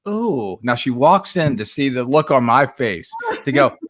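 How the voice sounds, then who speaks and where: A man's voice: mid-range voice, unhurried. A middle-aged man co-hosting a livestream, chatting casually and telling funny stories with lots of laughter. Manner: animated storyteller, laughs often. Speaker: livestream co-host. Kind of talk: casual chat.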